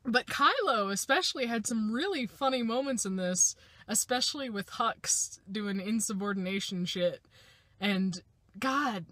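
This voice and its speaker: A young woman giving a casual, excitable movie reaction rant, swearing freely and swinging between loud outbursts and low mutters, a little winded. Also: normal speed. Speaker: vlogger.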